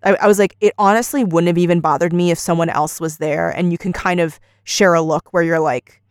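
Animated woman retelling a story. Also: fairly low pitch, a little fast, smooth, dry recording, clean studio sound. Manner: animated storyteller, acts out quoted lines. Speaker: podcast co-host. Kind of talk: casual chat, retelling an argument.

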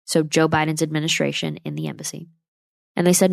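A woman's voice: sits low, steady tone, fast talker, creaky, no echo, clean studio sound. A young woman from the United States, talking straight to her viewers in an impassioned, opinionated vlog. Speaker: travel vlogger. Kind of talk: casual opinionated vlog monologue.

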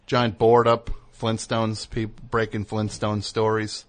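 A man with a fairly low voice hosts a comedy talk show. He rambles along, loose and digressive, full of ums and uhs. He drops into brief mock voices as he goes. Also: level tone, slow pace, hardly any pauses. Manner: meandering, many fillers, mock voices for bits. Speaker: radio show host.

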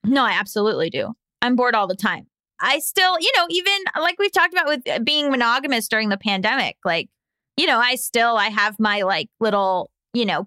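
A woman's voice: medium pitch, bright, forceful tone, dry recording. A woman co-hosting a podcast in casual chat, a chatty storyteller who laughs often. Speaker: podcast co-host.

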